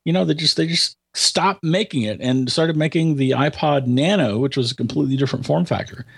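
Gravelly, husky man, halting speech. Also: fairly high pitch. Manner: hesitant, many restarts, then emphatic. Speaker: tech commentator. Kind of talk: casual conversation.

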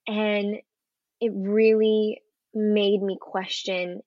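An earnest young actress tells her story in a casual interview, lively and sincere. The recording is dry with no room sound and slightly muffled. Her voice sits in a middle range for a woman. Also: mid-range voice, unhurried, no echo. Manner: earnest, animated storytelling with acted quotes and laughs. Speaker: actress guest.

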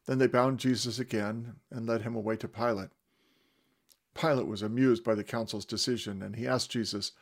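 A man's voice: medium pitch, fairly even intonation, normal speed, vocal fry. A man giving a dramatic first-person retelling of scripture, with varied emphasis. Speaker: storyteller.

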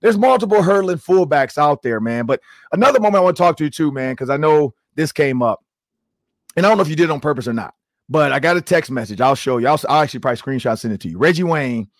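A man in his forties hosting a sports podcast, telling stories in a casual, animated way with lots of "like". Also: a little high, fast talker, no room sound, clean studio sound. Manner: animated storytelling with many "like"s. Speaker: show host and former coach.

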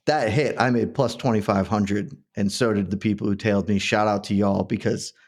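A man co-hosting a betting podcast, telling stories in an animated, laughing way. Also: on the low side, a little fast. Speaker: podcast co-host. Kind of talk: casual betting chat.

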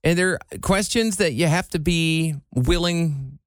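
A man's voice: fairly high pitch, measured pace, a bit bright, no echo, studio quality. A man hosting a talk show segment in casual chat, playful and leading the conversation. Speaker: radio show host.

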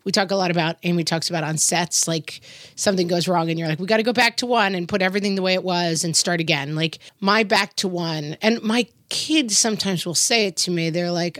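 In this casual conversation, a low-voiced woman co-hosting a podcast spins lively stories and performs the voices of anyone she quotes. Her delivery is brisk, captured in a dry, clean studio recording.

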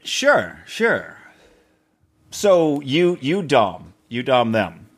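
Lively rambling man chatting candidly. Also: medium pitch, extremely slow, breathy edge. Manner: rambling, jokey, stammering restarts. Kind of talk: candid casual conversation.

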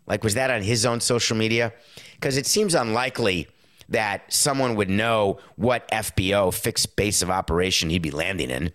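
Middle-aged male commentator, slightly low voice; loose, animated solo talk with acted-out asides. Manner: animated, acts out quotes in put-on voices. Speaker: sports and movie commentator. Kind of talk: casual monologue commentary.

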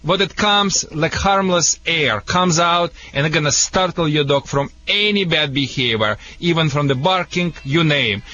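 A Russian-accented man gives dog-training advice to radio callers, joking and chuckling in broken English. His voice sits a little high. The sound is dull and lo-fi, like an old radio broadcast. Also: unhurried, few pauses, pushed and bright.

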